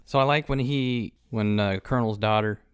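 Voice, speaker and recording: A man's voice: lowish voice, moderate pace, smooth, no echo. A man co-hosting a podcast, chatting casually about a film with wry, dry jokes. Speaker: podcast co-host.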